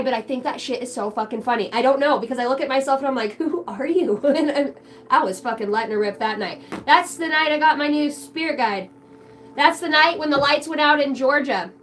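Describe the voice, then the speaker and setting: A woman's voice: high-pitched, a bit bright, rough recording. A middle-aged woman hosting a tarot livestream, chatting casually, swearing often and jumping between chat comments. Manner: profane, scattered, reads chat aloud.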